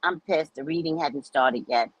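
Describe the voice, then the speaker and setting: A woman's voice: low-pitched, normal speed, slightly rough, no echo. A woman telling her viewers a story in a blunt, heated, profane way, reading text messages aloud as she goes. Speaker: psychic reader recounting a client dispute.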